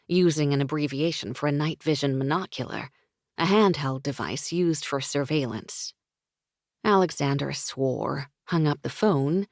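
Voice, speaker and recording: A woman narrating a romance audiobook in a smooth, intimate storytelling manner. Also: sits low, no room sound, studio quality.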